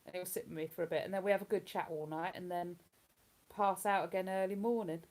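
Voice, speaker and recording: A woman's voice: lowish voice, fairly even intonation, quick pace, darkish tone. Chatty London-area woman live-streaming. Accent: London-area English. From England. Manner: chatty, rambling, reads out viewer comments. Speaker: livestream host. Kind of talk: casual live-stream chat.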